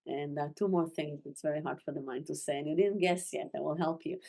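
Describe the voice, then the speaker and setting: A woman teaching a masterclass, speaking gently with halting, non-native phrasing and frequent restarts. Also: sits low, steady tone, gravelly. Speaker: spiritual teacher. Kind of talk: masterclass talk.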